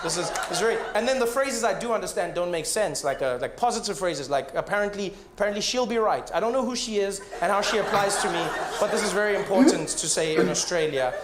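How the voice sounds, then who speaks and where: Man, stand-up comedy, mock-exasperated storytelling, echoey room, loud background noise. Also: sits high, expressive, fast talker, hardly any pauses, a loud crowd. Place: stage before a live audience.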